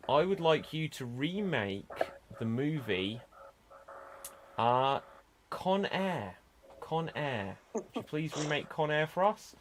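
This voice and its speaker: Slow, measured improv host. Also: male voice, on the high side, background noise. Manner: slow, deliberate announcing. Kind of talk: hosting an online improv game.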